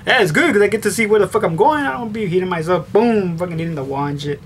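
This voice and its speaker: Young male vlogger, slightly high voice, swears constantly, rambles with fillers, faint room hiss. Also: fast talker. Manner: profane, blunt, rambling with filler. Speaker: vlogger answering tag questions. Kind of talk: casual chat.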